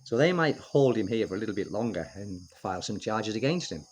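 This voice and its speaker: A man's voice: on the low side, expressive, a little fast, a little mellow. A middle-aged British man vlogging in a casual, opinionated way, rambling with lots of fillers and restarts. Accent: British English. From United Kingdom. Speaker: expat vlogger. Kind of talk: casual chat to camera.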